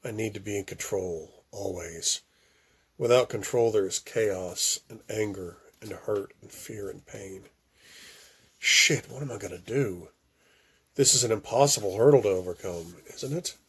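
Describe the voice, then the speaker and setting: A man reading a first-person novel aloud, with occasional stumbles and restarts and phrases that drop off softly. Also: on the low side, a little slow, breathy edge. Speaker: audiobook reader.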